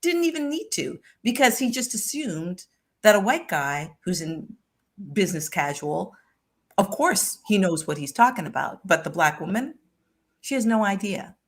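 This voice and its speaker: A woman guest telling a personal story in a conversation, lively and full of restarts. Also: mid-range voice, normal speed. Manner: animated anecdote with frequent restarts.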